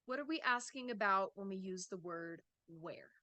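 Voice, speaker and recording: A woman's voice: medium pitch, lively intonation, normal speed, pushed and bright, no room sound. A woman teaching an English lesson, explaining patiently and checking in with "okay?" as she goes.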